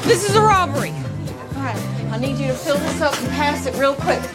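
A bossy bank robber. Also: female voice, sits high, expressive, fairly quick. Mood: commanding. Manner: barking orders. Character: young woman robbing a bank, bossy. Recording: film clip with loud music.

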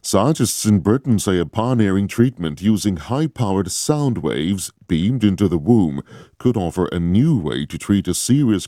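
A man reading a radio news bulletin in a measured, formal way. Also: deep voice, warm tone, dry recording, clean studio sound. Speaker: newsreader.

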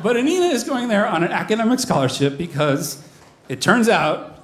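A man in his forties telling a comic personal story on stage, with a lively, animated delivery. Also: high-pitched, normal speed, noisy background. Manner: comic, animated, mimics voices in quotes. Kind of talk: live storytelling performance. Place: stage before an audience.

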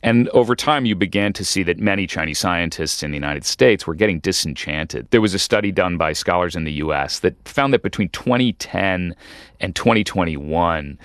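A man, a journalist, explaining at length in a measured way as a guest in a radio interview. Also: low-pitched, fairly bright tone, no room sound, studio quality. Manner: measured, explanatory, with occasional restarts.

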